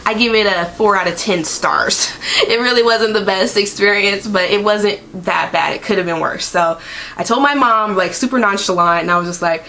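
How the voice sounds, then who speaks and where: A woman's voice: medium pitch, moderate pace, sharp tone. A woman in her twenties chatting to camera in a rambling vlog from home, full of "like" and "um". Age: 20s. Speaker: vlogger. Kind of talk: casual chat.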